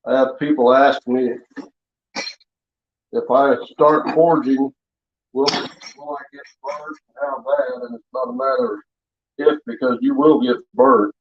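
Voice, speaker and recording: A man's voice: medium pitch, animated, a little slow, pauses often. Folksy man rambling in his workshop. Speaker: hobby blacksmith showing his knives. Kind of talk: casual show-and-tell chat. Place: home workshop. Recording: slightly dull lo-fi sound.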